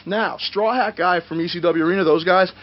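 A man telling stories from his wrestling days in a profane, animated shoot interview, acting out the moves as he talks. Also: sits high, fairly quick, muffled recording. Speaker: retired pro wrestler interviewed.

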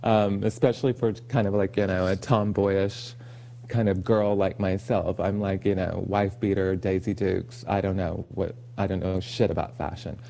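A man's voice: sits low, moderate pace, vocal fry. A man from Oklahoma, a guest on a podcast, telling stories in casual chat and acting out the lines he quotes. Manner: animated storyteller, acts out quoted lines, laughs easily.

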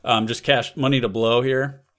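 A man's voice: mid-range voice, fairly even intonation, moderate pace, fairly bright tone. Laid-back joking podcast guy. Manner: playful, laughs often, riffs on bits. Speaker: podcast co-host. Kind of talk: casual comedic chat.

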